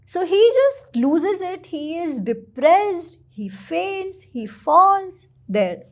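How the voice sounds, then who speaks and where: A woman retells old stories as a guest on a talk show. Her high voice rises and falls a great deal as she tells them with animated feeling. She talks expressively and with plenty of movement. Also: very slow. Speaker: guest author. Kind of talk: storytelling in a podcast interview.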